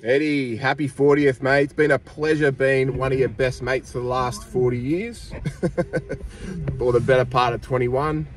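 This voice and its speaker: A man's voice: mid-range voice, steady tone, normal speed, hardly any pauses, far from the mic. Aussie guy ribbing his mate in a bday clip, chuckly, swears a bit, faint outdoor hum. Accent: Australian. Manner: chuckling, teasing, swears casually. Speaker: best mate sending a birthday message. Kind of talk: casual video message.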